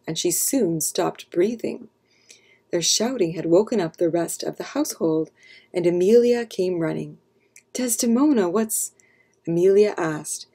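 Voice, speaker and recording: A woman reading a storybook aloud for children, narrating calmly and clearly. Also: fairly low pitch.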